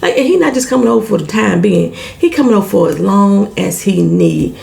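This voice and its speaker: Animated woman with gravelly fry. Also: mid-range voice, moderate pace, hardly any pauses. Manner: animated and salty, swears freely, acts out lines. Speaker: TV show recap vlogger. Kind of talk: casual show recap.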